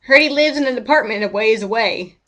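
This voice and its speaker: A woman voicing a chatty older man who is out on a morning walk, folksy and a bit gruff. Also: on the high side, fairly quick, a bit bright, slight background noise, natural voice.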